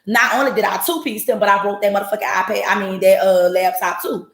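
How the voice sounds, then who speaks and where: A woman's voice: mid-range voice, fairly even intonation, fast, hardly any pauses, roomy sound. A woman hosting a podcast on a livestream, telling her story bluntly and with profanity while talking straight to her chat. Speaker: podcast host. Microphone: home livestream setup.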